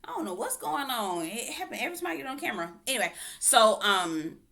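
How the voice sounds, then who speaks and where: A woman's voice: a little high, big pitch swings, fast, creaky, bright, forceful tone. A woman recapping a reality TV show in a casual, gossipy way, quoting people in exaggerated voices and laughing often. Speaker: TV reviewer vlogger. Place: home, on camera.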